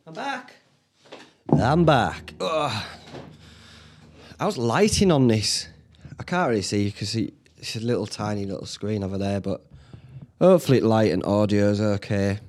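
A man's voice: lowish voice, normal speed, a little mellow. A young man, hosting a casual solo podcast from home, rambling and swearing freely. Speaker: podcast host. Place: indoors at home.

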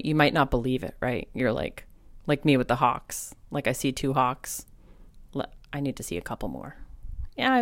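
A woman hosting a solo spiritual podcast, telling personal stories in a chatty, animated way with lots of fillers. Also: a bass voice, no room sound, studio quality. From New England. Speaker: podcast host and medium.

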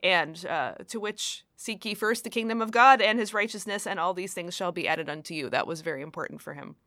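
A woman theologian, talking in a measured, reflective way in an academic podcast discussion. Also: on the low side, sharp tone, no room sound, studio quality. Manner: measured, reflective, some hesitations.

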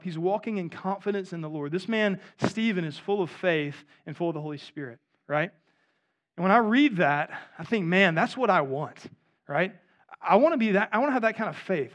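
A man's voice: sits high, a bit bright. A man in his thirties preaching a sermon in a conversational way, often asking his listeners "right?". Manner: conversational, asks the audience "right?". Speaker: pastor.

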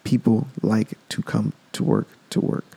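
A man's voice: lowish voice, measured pace, vocal fry, mellow, husky. A man hosting a podcast, talking in a loose, rambling casual monologue. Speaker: podcast host.

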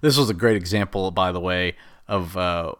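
A man's voice: deep voice, normal speed, a bit bright. A man casually recapping a film, rambling and exasperated and laughing at the plot. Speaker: show host recapping a film.

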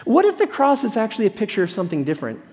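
Man, pastor, casual humorous sermon, fairly high voice, long hall echo. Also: huge pitch swings, racing, a little mellow. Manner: conversational storytelling with self-deprecating humor.

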